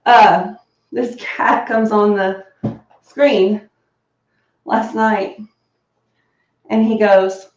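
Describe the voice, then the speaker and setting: A woman's voice: mid-range voice, steady tone, extremely slow, pauses often, darkish tone, echoey room, muffled recording. A woman chatting casually while getting ready at home, bubbly and rambling, laughing often and prone to coughing fits. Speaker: beauty vlogger. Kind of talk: casual chat.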